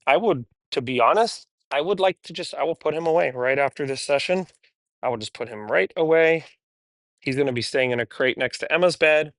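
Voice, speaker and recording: A man's voice: fairly bright tone, no echo. A man working as a dog trainer, talking casually to the camera while he trains a dog, candid and chatty. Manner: chatty and candid, switching to high, cheery praise for the dogs.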